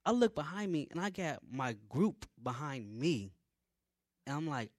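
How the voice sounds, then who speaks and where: A young man, an army private, telling a personal story in a casual, animated way, dropping to low mutters and rising to loud exclamations. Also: unhurried. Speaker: army private recounting training.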